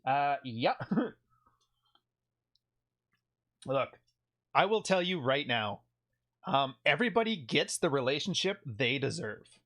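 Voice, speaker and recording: A man from Canada hosting a commentary video, sarcastic and jokey, quick to laugh. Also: a little high, big pitch swings, pushed and bright.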